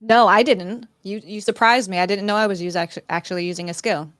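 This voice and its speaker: A woman hosting an interview, asking questions in a friendly, halting way with many fillers. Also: medium pitch, steady tone, dry recording, clean studio sound. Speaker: interview host. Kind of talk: conversational interview.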